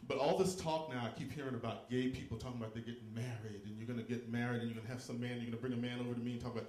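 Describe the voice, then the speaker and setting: A man from Texas doing stand-up comedy in a live venue, campy and loud, jumping into shrieking high squeals for punchlines. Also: very fast, few pauses, echoey room.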